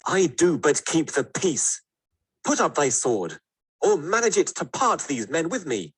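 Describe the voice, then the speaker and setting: A man's voice: a little high, very animated, measured pace, slightly rough, exaggerated voice. An actor playing a young man urgently trying to stop a street fight in a Shakespeare audio drama.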